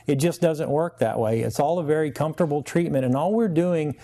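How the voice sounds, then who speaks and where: Mellow male chiropractor explaining treatment. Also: on the high side, brisk. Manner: steady, plain explanations. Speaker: chiropractor guest.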